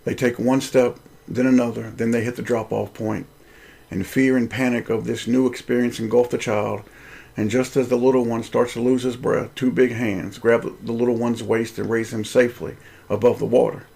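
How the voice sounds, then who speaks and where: Gravelly, husky man reading a story. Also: medium pitch, little pitch movement, moderate pace, a little mellow. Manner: earnest, preacherly. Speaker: Christian video host. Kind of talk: reading his own story aloud.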